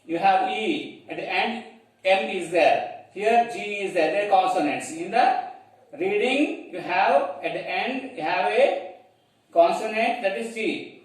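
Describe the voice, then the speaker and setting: A man with a Telugu-accented English explains grammar slowly and repeats himself often, in a high voice. He is heard from a distance in a very echoey room. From India. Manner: slow, repetitive, spells words letter by letter, checks in with "clear, children?". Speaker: English teacher. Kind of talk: classroom grammar lesson.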